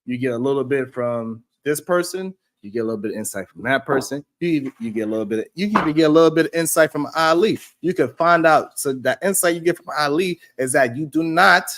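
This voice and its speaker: A man hosting a talk show, reacting to clips in loose, animated commentary, laughing and repeating himself for emphasis. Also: on the high side, a little fast. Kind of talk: casual commentary. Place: studio.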